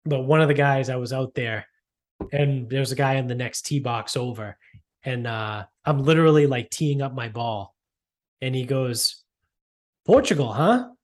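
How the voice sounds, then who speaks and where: A man from the Boston area co-hosts a casual podcast in a mid-range, fairly even voice at normal speed. He rambles and swears, filling his talk with plenty of "like."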